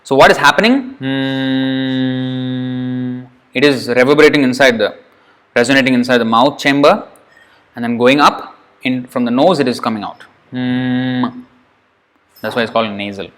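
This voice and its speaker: A patient male teacher walks through pronunciation one sound at a time. He says each syllable slowly and repeats it so the listener can hear it clearly. His pitch is middling and his explanations are plain, with the odd light aside. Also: lively intonation, a bit bright. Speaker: Sanskrit teacher. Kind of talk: pronunciation lesson.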